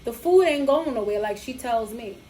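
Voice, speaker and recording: Animated, profane New woman. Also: on the high side, moderate pace, low-quality recording. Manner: animated, profane, acts out both sides of a story. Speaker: podcast co-host. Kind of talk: casual chat, storytelling.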